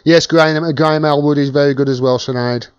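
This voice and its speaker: A man's voice: on the high side, fairly even intonation, brisk, clear, resonant tone, no room sound, muffled recording. A British man hosting a casual live-stream Q&A, chatting and thanking viewers by name as he reads their comments.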